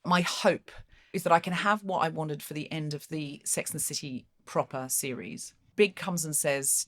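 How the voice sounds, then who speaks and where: A woman hosting a podcast in casual chat, animated and acting out lines in put-on voices. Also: low voice, normal speed, hardly any pauses. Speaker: podcast host.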